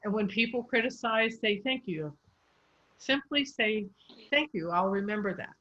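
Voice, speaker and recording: Woman, speech coach, encouraging, explanatory, mid pitch, muffled sound. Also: expressive, moderate pace, pushed and bright. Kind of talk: coaching session.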